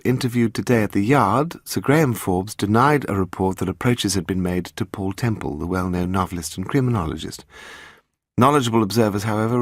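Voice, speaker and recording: A man's voice: on the low side, no room sound, studio quality, voice pushed up. A man reading an audiobook voices a playful, impish young woman who coaxes and teases her husband, raising his voice for her. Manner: coaxing and impish. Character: playful, teasing young woman, a sleuth's wife.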